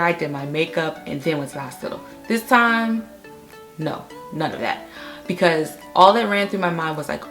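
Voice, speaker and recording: On a couch in her home living room, a chatty vlogger recounts a storytime with lots of animation, often tossing in "okay?" asides. Her pitch is fairly low.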